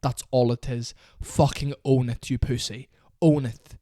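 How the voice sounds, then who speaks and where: A man's voice: mid-range voice, steady tone, measured pace, mellow, no echo, clean studio sound. A young man in an angry, profane rant to camera about a fighter. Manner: heated, profane, repetitive. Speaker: MMA commentator.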